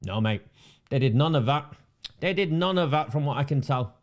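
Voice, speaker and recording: An independent political commentator gives a sarcastic, indignant ranting monologue, repeating phrases for emphasis. His voice is mid-range and animated, at a moderate pace.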